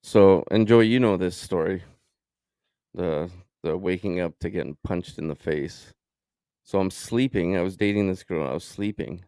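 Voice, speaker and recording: A man co-hosting a podcast, telling a personal story in casual chat, animated and swearing as he acts out what people said. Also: low voice, moderate pace, clean tone, no room sound, clean studio sound. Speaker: podcast co-host.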